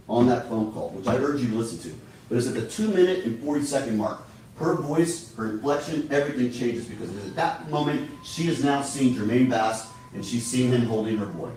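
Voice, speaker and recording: A man delivers a prosecutor's closing argument, his pitch swinging widely as he presses each point on the jury. He sounds set back from the microphone in a large, very reverberant courtroom, with a faint hum of room noise underneath. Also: lively intonation, fairly quick, a little mellow. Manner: emphatic, persuasive, addresses the jury directly. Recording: echoey courtroom from far off.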